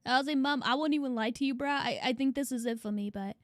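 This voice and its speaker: A woman's voice: high-pitched, quick pace, no room sound, studio quality. A young adult woman streaming live, chatting casually and crudely and greeting her chat by name. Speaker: vtuber streamer.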